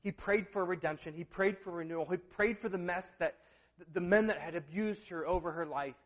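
A man in the pulpit telling a story with real drama. His voice sits a little high, and it climbs to loud bursts before dropping down to near-hushed moments. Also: brisk. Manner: animated retelling, swings between loud and hushed. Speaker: preacher. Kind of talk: sermon storytelling.

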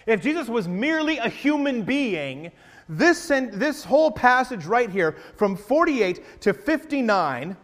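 A man preaches to his congregation in a church sanctuary, his voice sitting high for a man. He swings between loud, emphatic declarations and hushed, confiding asides. The sound carries the long reverb of a large hall, with a faint electrical hum underneath. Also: sing-song, a little slow. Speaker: pastor. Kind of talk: sermon.

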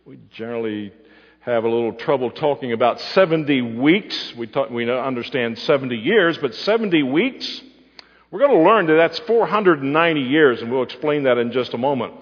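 A man's voice: medium pitch, animated, normal speed, slightly rough. A man preaching a Bible-teaching sermon, quizzing his listeners and answering himself. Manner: asks the audience questions and answers them. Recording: muffled hall recording with long reverb.

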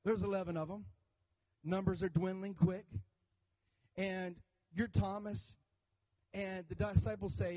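This pastor's voice sits high, moving at a moderate pace with frequent pauses, and the recording is rough. Preaching to his church, he tells an animated story with jokes and calls for the congregation to answer.

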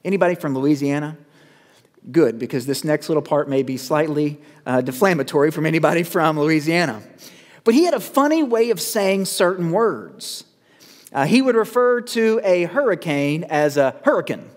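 A male pastor preaching a sermon, measured with dramatic pauses, building to urgent calls. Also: a little high, expressive. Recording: long reverb of a church hall.

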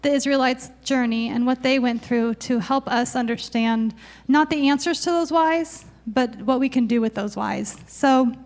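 A woman with a high, light voice leads a casual Bible study. She talks in a chatty, informal way and reads scripture passages aloud from her notes. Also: moderate pace, darkish tone.

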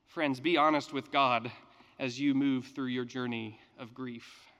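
A man reading scripture and preaching a sermon in a measured, earnest way with emphatic pauses. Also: mid-range voice, steady tone, fairly bright tone, in a large hall, dull audio. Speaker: pastor.

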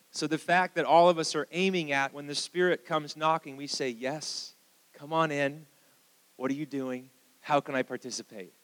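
A man with an American accent, a pastor preaching a sermon in church and leading prayer, moving between hushed prayer and fervent calls to the congregation. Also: a little high, steady tone, normal speed, big-room sound, rough recording. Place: church sanctuary.

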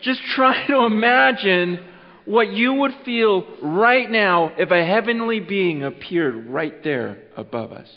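A man preaching an earnest Christmas Eve sermon. He repeats words as he goes and swings between loud urging and a hushed voice. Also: high-pitched, lively intonation, takes it slowly. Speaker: pastor. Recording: muffled sound with long hall reverb.

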